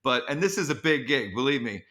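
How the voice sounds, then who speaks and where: A male comedian with a bright, forceful voice tells stories as a podcast guest. He talks in an animated way. He stumbles and repeats words as he goes. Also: mid-range voice. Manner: animated, quick restarts and repeats. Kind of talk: podcast interview storytelling.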